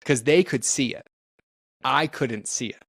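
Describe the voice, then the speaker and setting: A man's voice: medium pitch, measured pace, fairly bright tone, no room sound. A middle-aged man, a personal development trainer, telling a candid story as a podcast guest and animatedly acting out quoted dialogue.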